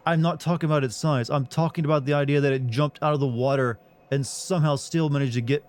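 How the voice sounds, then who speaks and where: A man's voice: fairly high pitch, fairly even intonation, fast talker, few pauses, a little mellow. A man streaming a game who argues with his chat in a casual, sarcastic way, swearing freely and sounding incredulous.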